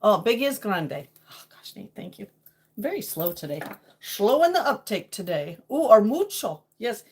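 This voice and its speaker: Here a middle-aged woman from New England runs a relaxed livestream chat, full of play and frequent laughter. She speaks at a moderate pace in a medium, sing-song pitch with a breathy edge.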